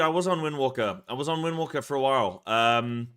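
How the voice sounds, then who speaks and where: Breathless excitable male game streamer. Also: medium pitch, a little fast, few pauses, clear, resonant tone. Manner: excitable, exclaims at the game, talks to chat. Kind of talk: casual live-stream chat while gaming.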